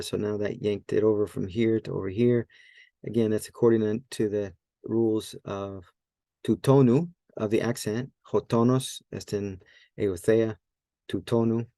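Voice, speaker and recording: A man's voice: fairly low pitch, creaky, warm tone, no echo. A man teaching a Greek grammar lesson in a casual, think-aloud way, often correcting himself and using many fillers. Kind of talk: casual screen-share lesson.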